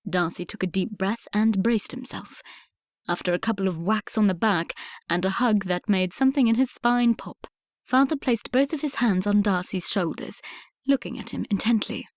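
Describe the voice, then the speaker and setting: A woman narrating a romance audiobook in an even, composed way, with a voice of middling pitch. The recording is close and dry, with no room sound. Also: normal speed, no echo. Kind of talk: scripted narration.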